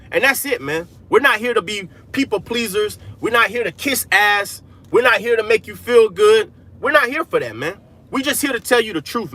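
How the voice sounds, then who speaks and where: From inside a vehicle, a man livestreams a casual street-preaching message to his viewers, emphatic and peppering his lines with "man" and "hey." His voice sits high, husky, pushed and bright.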